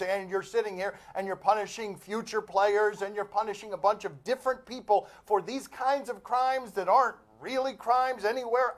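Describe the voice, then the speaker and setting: A man with a high voice hosts a sports talk show, debating in an animated, wry way. He builds long arguments and then tosses questions to his guest. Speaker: host.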